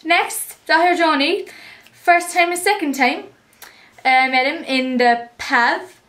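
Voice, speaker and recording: A woman's voice: sits high, takes it slowly, bright, forceful tone, soft background music. A teenage girl with an Irish accent chatting to the camera in a casual, rambling and upbeat way. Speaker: vlogger.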